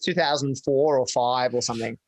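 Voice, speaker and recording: A man in his forties, a podcast guest telling rambling, animated stories with quick laughs, on a close, dry microphone. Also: medium pitch, no echo. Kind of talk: casual storytelling chat.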